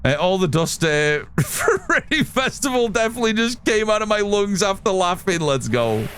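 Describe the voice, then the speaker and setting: A man's voice: high-pitched, big pitch swings, moderate pace, fairly bright tone, slight background noise. A man streaming live, chatting casually with lots of restarts and swearing. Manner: rambling, swears freely, many restarts. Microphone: studio mic through an audio mixer.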